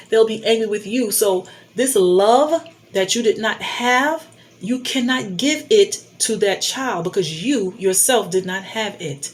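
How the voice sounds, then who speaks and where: A woman's voice: medium pitch, lively intonation, unhurried. A middle-aged woman giving blunt life advice to a phone camera, emphatic and preachy, repeating her key points. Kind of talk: candid advice monologue.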